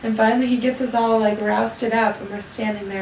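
A young adult woman telling a story in a casual, animated way, full of "like" fillers, acting out the people she quotes. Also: fairly high pitch, fairly quick, noisy background. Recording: echoey room, mic at a distance.

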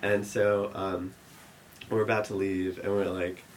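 A young man telling a rambling story to an audience, full of fillers, growing animated and laughing as it builds. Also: low voice, measured pace, slight background noise.

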